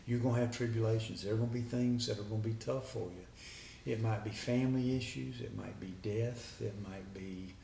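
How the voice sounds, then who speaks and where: Man, guest storyteller, earnest, lowish voice, echoey room with faint hum. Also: fairly even intonation, normal speed, gravelly, few pauses, dark tone, distant mic. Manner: earnest, retells a conversation line by line. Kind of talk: personal storytelling.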